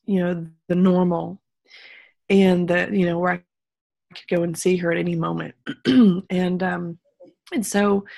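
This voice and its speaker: Low, gravelly-voiced woman from Texas. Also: no room sound, studio quality. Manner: rambling, many ums and restarts, laughs between thoughts; sincere and faith-focused. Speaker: guest telling her story. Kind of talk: casual conversational storytelling.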